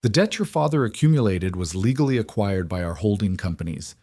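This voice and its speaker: A man reading the lines of a cold, composed young royal woman in a flat, measured tone. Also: fairly low pitch, no echo, clean studio sound.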